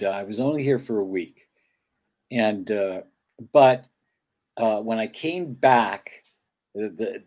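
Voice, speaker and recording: An older man from upstate New York sits in as a guest and tells his story with many stops and "uh"s. His voice sits low and has a husky edge to it. He rambles along in a relaxed, conversational way. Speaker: guest filmmaker. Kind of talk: casual interview chat.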